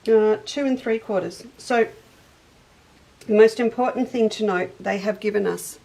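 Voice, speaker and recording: A woman's voice: medium pitch, a little slow, gravelly, mellow, poor audio. A middle-aged woman hosting a casual live sewing chat, greeting viewers by name as she goes. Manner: chatty, greets viewers by name, eats on air. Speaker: shop owner and livestream host.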